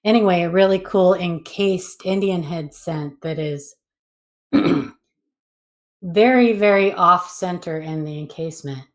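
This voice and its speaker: A woman's voice: lowish voice, takes it slowly. A woman co-hosting a panel stream, chatting casually, thinking aloud and asking questions. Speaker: co-host on a panel. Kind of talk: casual chat.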